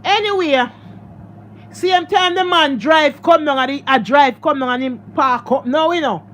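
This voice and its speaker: A woman's voice: sits high, normal speed, a bit bright. A woman with a Jamaican accent telling a personal story to her social media followers, emotional and repeating herself, often calling them guys. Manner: emotional, repetitive, addresses viewers as guys.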